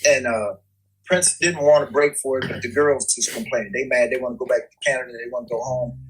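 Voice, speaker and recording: A man, a guest musician, telling a story in casual, slangy speech, animated and full of repeats. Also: medium pitch, fairly quick, a little hiss or hum, low-quality recording.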